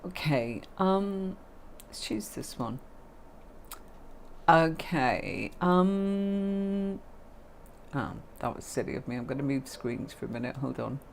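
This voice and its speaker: A woman's voice: very deep voice, animated, takes it slowly, creaky, pauses often, slight background noise. A middle-aged woman, hosting a livestream and teaching tarot in a chatty, affectionate way. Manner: chatty and affectionate, calls viewers darling and my lovely. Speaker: tarot reader and livestream host.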